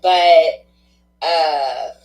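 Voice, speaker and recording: A woman hosting a spiritual card-reading livestream, chatting warmly and laughing often, with a stuffy nose. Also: low-pitched, very slow. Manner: affectionate, chatty, laughs often, many fillers. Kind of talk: casual livestream sign-off chat. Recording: echoey room.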